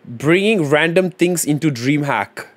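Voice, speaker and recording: A man's voice: on the high side, expressive, unhurried. A man live streaming, chatting loosely with his viewers and thinking aloud as he reads and types suggestions. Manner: thinks aloud and mumbles while reading chat; loose and slangy, with frequent fillers. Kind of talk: casual livestream chat.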